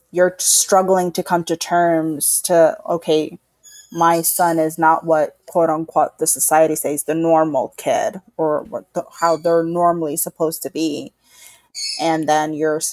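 A somewhat low-voiced woman in her thirties speaks openly as a podcast co-host, with feeling. She acts out the remarks of others as she goes. The sound is close and dry, with no room around it. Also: level tone, a little slow, darkish tone, no echo. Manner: emotional storytelling, acts out other people's remarks. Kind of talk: candid personal conversation.

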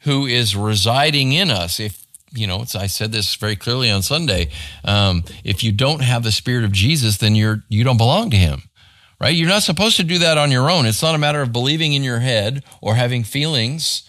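A man's voice: medium pitch, lively intonation, brisk, a bit bright. A man, a pastor, teaching a Bible study to a small group in a church room in a conversational way, often checking in with "right?".

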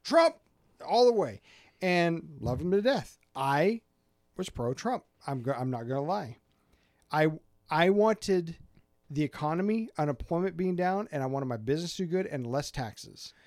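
A man co-hosting a casual podcast chat, telling animated stories and acting out voices. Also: on the high side, measured pace, dry recording, clean studio sound. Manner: animated storyteller, acts out voices in anecdotes. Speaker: podcast co-host.

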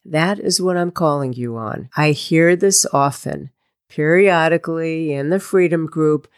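Woman podcast coach, low pitch, slow and deliberate, tough-love delivery. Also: darkish tone. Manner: direct, tough-love pep talk with imagined quotes. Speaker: life coach. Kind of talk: solo coaching podcast monologue.

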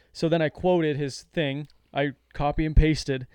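A man's voice: a little high, fairly even intonation, a little slow, few pauses, a little mellow, clear, resonant tone, no echo, clean studio sound. A man co-hosting a podcast, telling a story in casual chat, sarcastic, laughing often and reading posts aloud. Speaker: podcast co-host.

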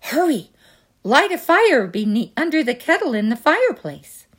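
A woman's voice: sits high, big pitch swings, a little slow. Practical storybook pig, bossy big brother, scolds in a level tone, read by a woman. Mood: urgent. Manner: scolding, matter-of-fact. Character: sensible male pig, bossy older brother.

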